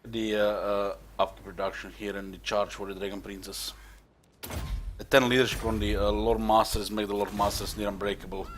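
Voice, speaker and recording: A young man from Croatia giving casual live commentary on a strategy game, excitable and swearing, halting with fillers. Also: on the low side, slight background noise. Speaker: streamer.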